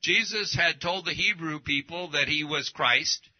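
A man's voice: on the high side, a little slow, lo-fi sound. A man preaching a sermon as pastor, emphatic, with pointed rhetorical questions to the congregation.

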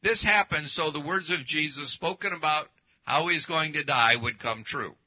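A man's voice: on the high side, normal speed, dull audio. A man preaching a sermon as pastor, emphatic, with pointed rhetorical questions to the congregation.

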